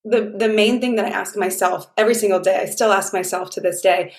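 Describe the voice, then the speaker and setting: A woman's voice: mid-range voice, fairly even intonation, brisk, roomy sound. A woman guest on an interview show, telling stories in an effusive, heartfelt, rambling way. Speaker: guest, dating mentor. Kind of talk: casual interview chat.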